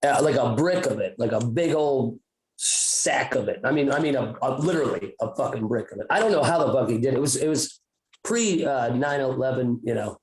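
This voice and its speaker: A man's voice: mid-range voice, brisk, a little mellow. A man rambles through a story on a podcast. He swears freely and keeps stopping and restarting his sentences. His voice echoes around the room. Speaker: podcast co-host. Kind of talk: casual chat.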